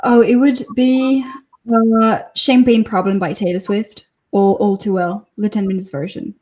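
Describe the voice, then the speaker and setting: 19 yo french girl singer answering questions, soft and a bit hesitant, lots of ums. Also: mid-range voice, fairly even intonation, unhurried. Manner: hesitant, soft-spoken, searches for words. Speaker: guest singer-songwriter. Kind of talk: interview answers.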